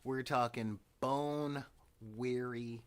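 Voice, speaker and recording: A man's voice: mid-range voice, steady tone, extremely slow. A man in his forties talking casually as host, with wry, dramatic, sighing asides. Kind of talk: casual rambling monologue.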